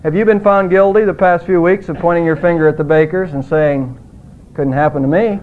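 Male preacher, earnest and emphatic, high-pitched, lo-fi phone-quality recording. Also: fairly even intonation, brisk, a little hiss or hum. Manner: earnest preaching, emphatic rises on quoted words. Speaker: pastor. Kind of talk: sermon. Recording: tinny phone-like audio.

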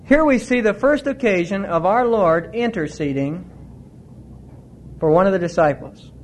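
A middle-aged male preacher with a notably high voice delivers his sermon with earnest conviction. His pitch climbs further when a thought excites him, and he moves between teaching and heartfelt emphasis. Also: moderate pace, a little hiss or hum.

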